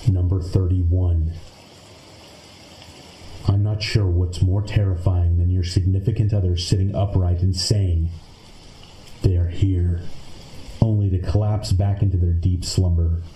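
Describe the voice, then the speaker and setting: A man reading a numbered list of creepy stories aloud in a slow, measured, deadpan manner. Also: sits low. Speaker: narrator. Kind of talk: scripted narration of creepy stories. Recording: echoey room with faint noise.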